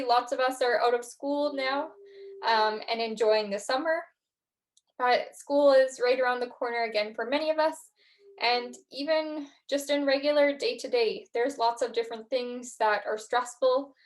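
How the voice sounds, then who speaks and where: A young woman hosting a podcast, talking gently through reflection and a guided breathing practice, with frequent fillers. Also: on the high side. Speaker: podcast host. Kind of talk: guided mindfulness talk.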